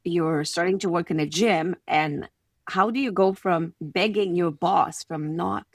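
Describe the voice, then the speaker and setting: A woman from Quebec City with a Quebec French accent, a native French speaker, speaking as a podcast guest and confidence coach, lively, acting out little scenes. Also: lowish voice, measured pace, no echo, clean studio sound. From Quebec City, Canada. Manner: animated, acts out little scenes in quoted voices. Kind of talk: conversational podcast interview.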